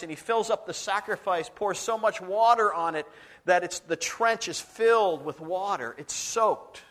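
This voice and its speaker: A man's voice: high voice, a little slow, fairly bright tone. A male pastor preaching a sermon, telling stories dramatically and acting out the voices, sometimes dropping to a whisper.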